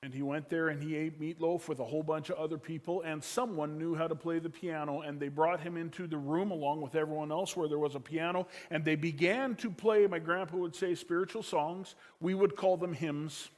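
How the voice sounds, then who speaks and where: A man who is a pastor, preaching a sermon that moves from loud emphasis down to hushed, quiet lines as he tells a family story. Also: fairly high pitch, steady tone, brisk, few pauses.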